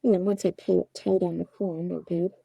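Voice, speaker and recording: A woman's voice: fairly low pitch, little pitch movement, brisk, gravelly, slightly rough, no room sound, muffled recording. A woman puppet maker talking casually through her work on a livestream, outdoors, apologizing often. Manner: chatty, self-apologetic.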